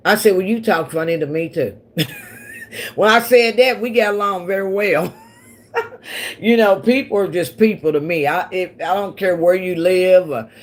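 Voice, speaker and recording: Her voice sits on the low side and moves at a normal speed. She's a woman from Missouri and Oklahoma in the central United States, hosting a relaxed livestream where she chats loosely with viewers and laughs often.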